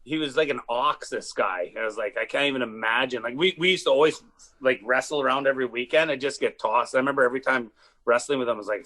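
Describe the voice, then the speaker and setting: A man who is a comedian guest telling rowdy stories in casual chat, animated and swearing, often laughing. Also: mid-range voice, fast talker. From Canada. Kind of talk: casual storytelling.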